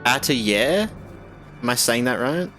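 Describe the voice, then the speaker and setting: A man's voice: mid-range voice, expressive, fairly bright tone, faint music behind. A young Australian man casually streaming a game, bantering with chat and laughing often. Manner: laid-back banter, laughs often, slow drawl.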